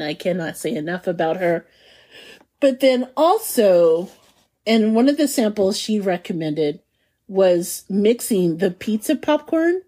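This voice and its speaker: A woman's voice: mid-range voice, mellow. A woman hosting a food podcast, chatting casually and enthusiastically, laughing often as she savors her descriptions. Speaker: podcast host.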